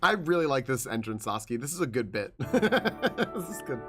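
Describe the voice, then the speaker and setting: A man's voice: medium pitch, sing-song, moderate pace, fairly bright tone. A man streaming a video game, chatting casually, laughing often and reading the game's lines aloud. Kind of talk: casual gameplay commentary. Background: game music.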